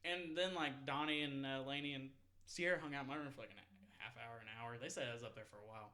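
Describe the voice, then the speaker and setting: A man's voice: mid-range voice, quick pace, pushed and bright. A man in his twenties telling a long party story in casual, rambling, profane chat, often laughing. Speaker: podcast host.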